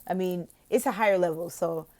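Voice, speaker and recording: Woman from the United States, online English teacher, instructional vlog, casual advice, animated example lines. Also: fairly low pitch. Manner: energetic, switches into a slow, exaggerated teacher voice for examples.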